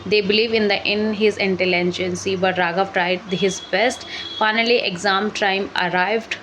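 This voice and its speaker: Woman reading haltingly. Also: medium pitch, steady tone, noisy background. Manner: halting, self-correcting reading. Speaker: English learning channel host. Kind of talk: reading a story aloud for shadowing practice.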